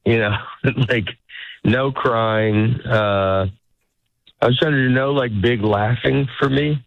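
A man's voice: medium pitch, slow, gravelly, dry recording, lo-fi sound. A middle-aged man, a stand-up comedian, chatting casually in an interview, rambling and cutting himself off as he acts out little quoted lines.

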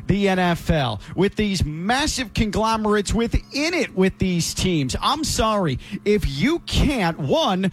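A man who works as a sports broadcaster, talking sports casually and emphatically as a co-host. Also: sits high. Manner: emphatic, opinionated.

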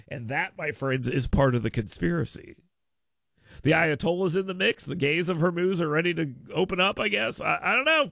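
Sarcastic gravelly radio host. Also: male voice, a little high, a little fast, no echo. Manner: sarcastic, mock-petty, swinging from mutters to hyped shouts. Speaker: radio talk show host. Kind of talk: sarcastic talk radio monologue with live ad reads. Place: radio studio. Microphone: studio microphone.

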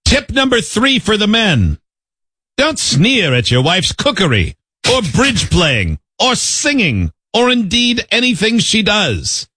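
A man's voice: sits high, huge pitch swings, takes it slowly, sharp tone, breathy edge, no room sound. A man co-hosting a casual group chat who reads old etiquette tips aloud in a mock formal, dry way. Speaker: podcast co-host.

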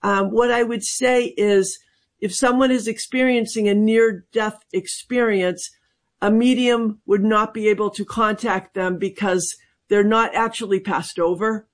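A woman's voice: medium pitch, steady tone, unhurried. A woman working as a medium, a guest on a call-in radio show, speaking thoughtfully and hesitantly with many fillers and restarts.

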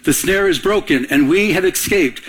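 Here a male pastor speaks at a moderate pace in a high voice with a breathy edge. He preaches through a lively story, voicing both ends of a phone conversation and inviting the congregation to answer him.

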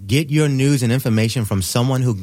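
A man's voice: medium pitch, fairly quick. A man in his fifties with a Bronx New York accent, a veteran news reporter telling stories as a guest in a radio interview and acting out quotes. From New York City. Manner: animated storyteller, acts out quotes.

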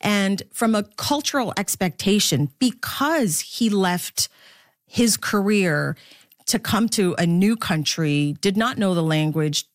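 A woman's voice: medium pitch, animated, takes it slowly, no room sound, studio quality. A middle-aged woman, a baseball broadcaster from the Philippines, talking candidly as an interview guest and laughing often.

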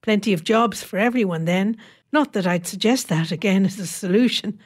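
A woman's voice: medium pitch, normal speed, husky, natural voice. A woman voicing a chatty, practical older housewife who rambles homely memories. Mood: reminiscing.

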